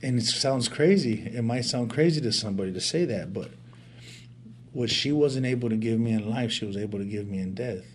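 Earnest low-voiced man telling his story. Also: a little mellow, slight background noise. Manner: earnest and heartfelt, with some stammered restarts; uses casual street slang. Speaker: speaker sharing his life story. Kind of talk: personal storytelling.

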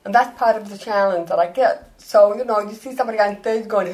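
Animated woman comedian telling stories. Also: medium pitch, a little fast, hardly any pauses, low-quality recording. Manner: animated, acts out quoted voices. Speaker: comedian, guest. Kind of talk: storytelling interview answers.

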